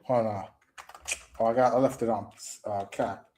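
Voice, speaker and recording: A man's voice: fairly low pitch, steady tone, normal speed, dark tone, slight background noise. A young man ranting on a commentary stream, trash-talking with mocking jabs, stumbling restarts and repeated phrases.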